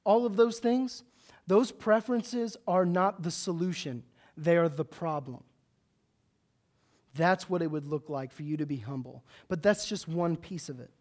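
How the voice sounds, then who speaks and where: Loud, high-voiced preacher giving a sermon. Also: male voice, a little slow. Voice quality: loud, big voice. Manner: animated storytelling with self-mocking humor.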